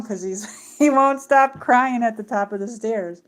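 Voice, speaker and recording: A woman's voice: mid-range voice, moderate pace, few pauses. A middle-aged woman hosting a livestream, chatting casually in a rambling way with many fillers and restarts. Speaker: livestream host.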